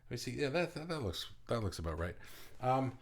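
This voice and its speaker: A man hosts a live art group stream from his desk, chatting loosely and rambling through fillers and restarts. His voice sits at an ordinary middle pitch, and he greets viewers as they arrive. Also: very animated, fairly quick. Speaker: host of an online art group livestream. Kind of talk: casual livestream chat.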